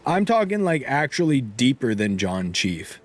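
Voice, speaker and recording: A man's voice: mid-range voice, big pitch swings, a little slow. A young man streaming a game live, chatting casually and rambling, breaking off mid-sentence and laughing often, with hiccups. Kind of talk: casual live-stream chat while gaming.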